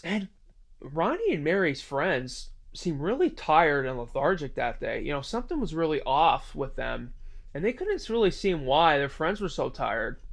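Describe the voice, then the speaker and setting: Male storyteller, casual rambling delivery, lively pitch. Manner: rambling, filler-heavy retelling.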